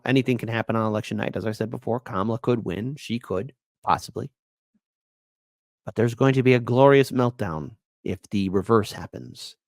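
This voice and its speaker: A man hosting a political commentary show, sarcastic and taunting, his volume swinging from loud to quiet. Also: medium pitch, no echo.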